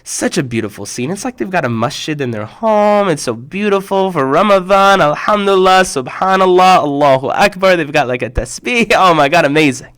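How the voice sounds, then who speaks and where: An enthusiastic man hosts a children's program in a relaxed live chat, with a voice sitting a little high for a man. He exclaims often and slows down to repeat each punchline. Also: clear, resonant tone. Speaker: host of a kids' show. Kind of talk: casual live chat reacting to viewers' jokes.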